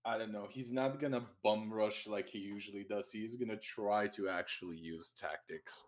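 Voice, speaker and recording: A man playing in a tabletop game, talking in casual, animated banter. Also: fairly low pitch, moderate pace. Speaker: player.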